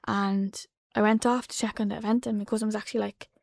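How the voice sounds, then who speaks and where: A woman in her twenties with an Irish accent, a podcast guest telling a personal story in a soft, halting way that drops to a hush. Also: medium pitch, flat delivery, vocal fry, no room sound, clean studio sound. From Ireland. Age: 20s. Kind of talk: emotional personal account. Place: podcast studio.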